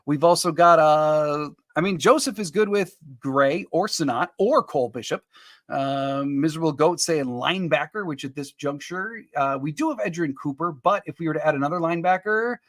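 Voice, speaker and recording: A man with a fairly bright, higher-pitched voice hosts a live-streamed sports podcast, going through his picks and reading out viewer comments. He's upbeat and chatty, chuckling and tossing quick asides to viewers. The recording is dry and studio quality.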